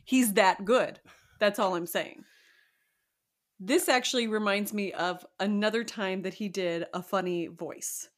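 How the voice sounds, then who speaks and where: A woman's voice: medium pitch, measured pace. A woman co-hosting a podcast in casual chat, chatty and playful, laughing often. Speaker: podcast co-host.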